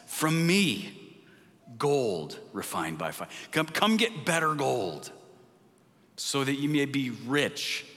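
A man preaching a sermon with passion, rising to loud urging and dropping to a hushed near-whisper. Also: on the high side. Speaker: pastor. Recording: long hall reverb.

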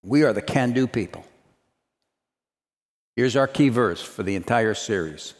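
Delivering a sermon in a reverberant hall, a pastor opens with a story before rising into emphatic, repeated declarations. His medium-pitched voice is expressive and unhurried.

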